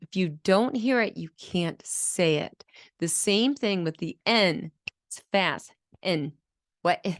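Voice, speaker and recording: A woman's voice: medium pitch, lively intonation, slow pace, no room sound, clean studio sound. A woman who works as a speech-language pathologist, teaching a lesson in an explanatory way and demonstrating speech sounds. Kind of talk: educational video lesson.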